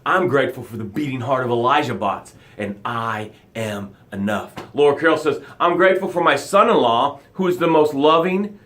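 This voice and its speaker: A middle-aged man hosting a motivational live broadcast, reading viewer comments aloud and swinging between loud, dramatic pushes and soft, quiet lows. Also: moderate pace.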